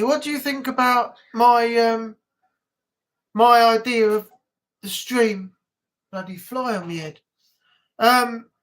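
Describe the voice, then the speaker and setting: A man with a British accent hosting a relaxed live stream chat, rambling casually and now and then playing with silly accents. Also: very high voice. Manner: chatty, rambling, playfully tries silly accents.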